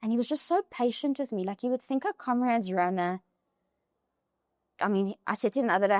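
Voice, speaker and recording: Young woman, guest storyteller, lively and chatty, dry close sound. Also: medium pitch, a little fast, dry recording. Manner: animated, with many "like" fillers. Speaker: podcast guest. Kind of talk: emotional personal storytelling.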